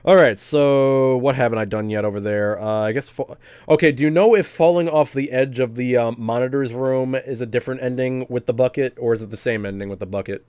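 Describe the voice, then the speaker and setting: A man's voice: mid-range voice, brisk, darkish tone, clear, resonant tone, no echo. Chatty, profane young man streaming. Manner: chatty, profane, laughing often. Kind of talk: casual live-stream commentary.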